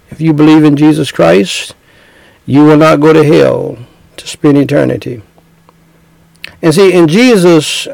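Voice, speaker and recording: Male preacher, earnest direct-address sermon, unhurried delivery with a gravelly edge. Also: on the high side, darkish tone, dry recording, rough recording. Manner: leads a prayer phrase by phrase. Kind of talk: evangelistic sermon.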